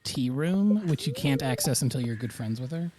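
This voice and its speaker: A man's voice: mid-range voice, animated, moderate pace, a little mellow. A man in casual chat while streaming a farming game, talking in a rambling, hesitant way with frequent fillers. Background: game music.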